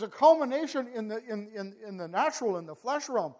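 A man with a high voice delivers a sermon to his congregation. He talks in bursts, repeats words and stacks phrases into rising, emphatic climaxes. His voice rings out with a long reverb, as in a large church sanctuary. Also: expressive, a little fast, darkish tone. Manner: impassioned, builds to emphatic peaks with frequent word repeats. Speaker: preacher.

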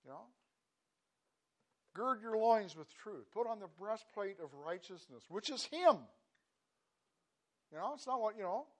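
Earnest, halting man preaching a sermon. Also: high voice, animated. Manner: earnest, halting with repeated restarts, rising to emphatic bursts. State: choked up. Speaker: pastor. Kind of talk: devotional sermon.

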